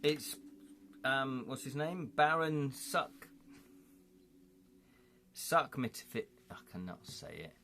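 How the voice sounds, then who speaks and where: Man, livestream host, excitable, forgetful, mid pitch, gamebook reading. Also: slow, long pauses, slight background noise. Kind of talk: live-streamed gamebook play.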